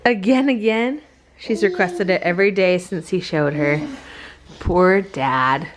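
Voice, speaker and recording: A woman's voice: on the low side, unhurried. A woman in her thirties filming her family at home, chatting playfully, laughing often and cooing at her baby. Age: 30s. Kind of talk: casual home video chat.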